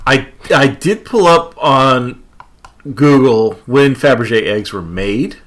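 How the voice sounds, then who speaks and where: A man chatting casually as a podcast co-host. He rambles, corrects himself mid-sentence and laughs often. His voice sits at an ordinary middle pitch. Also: takes it slowly, fairly bright tone. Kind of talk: casual chat.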